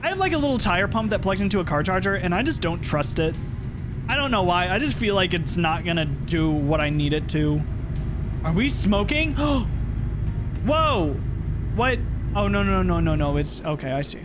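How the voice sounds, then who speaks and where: A man's voice: high-pitched, big pitch swings, normal speed. A young man streaming a driving game, chatting casually with viewers and reacting aloud to the road. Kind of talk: casual gameplay commentary. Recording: game music behind.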